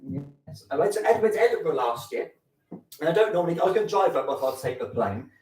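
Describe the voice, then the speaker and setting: A man's voice: on the high side, very animated, quick pace, a little mellow. A man doing camp, bawdy stand-up comedy on a stage, slipping into put-on voices for his stories. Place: theatre stage at a fringe festival. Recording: echoey live room, voice from a distance.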